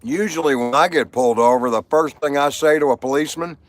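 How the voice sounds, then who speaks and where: A man's voice: a little high, quick pace, dry recording. A man hosting a casual livestream, telling rambling stories and jokes to viewers and laughing at his own punchlines. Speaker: livestream host.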